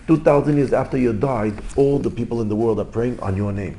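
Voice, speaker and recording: Rabbi, middle-aged, mellow voice, animated storyteller swinging loud to hushed. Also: male voice, mid-range voice, brisk, a little hiss or hum. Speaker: rabbi giving a Torah class. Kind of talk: Torah class storytelling.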